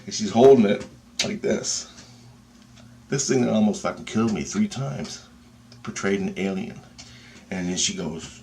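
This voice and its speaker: A man telling a personal story in a casual, excitable and profane way, with pauses and restarts. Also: lowish voice, a little hiss or hum.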